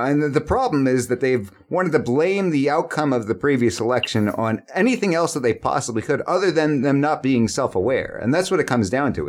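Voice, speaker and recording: Male call-in radio host, chatty, high-ish and animated. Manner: lively, chatty, agreeable. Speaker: radio talk show host.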